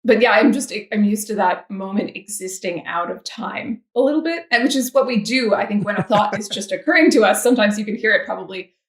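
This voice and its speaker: A woman, a composer guest on a podcast, talking thoughtfully about a song and pausing before she makes her point. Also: mid-range voice, reverberant. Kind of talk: casual music analysis chat.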